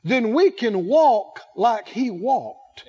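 A man's voice: very high voice, very animated, warm tone, husky. Male pastor preaching, voice swings up and down a lot, stretches words out for emphasis, muffled lo-fi sound. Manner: emphatic, drawn-out phrasing with call-and-response. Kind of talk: sermon.

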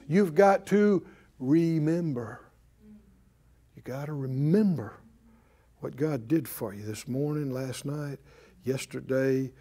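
A man's voice: fairly high pitch, dark tone. A man preaching a sermon in an emphatic, pleading way, repeating phrases for weight. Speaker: pastor.

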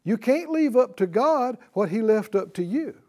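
Man, Bible class teacher, high voice, mellow tone, emphatic, repetitive, questions the class. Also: animated, moderate pace. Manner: emphatic, repeats and quizzes the class.

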